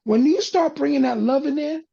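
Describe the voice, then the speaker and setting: A man hosting a panel talk, speaking with an impassioned, preacher-like cadence that drops low and soft for emphasis. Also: a little fast, creaky, muffled recording. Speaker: panel host. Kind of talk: impassioned talk-show monologue.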